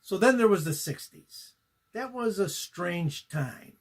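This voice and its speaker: A man in his eighties telling a deadpan, wisecracking comic monologue. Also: sits high, slow. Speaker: comedian. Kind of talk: stand-up comedy monologue.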